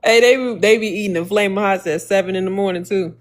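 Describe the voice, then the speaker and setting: A woman's voice: mid-range voice, fast talker. A woman in casual livestream chat, talking bluntly and indignantly, often breaking into laughter.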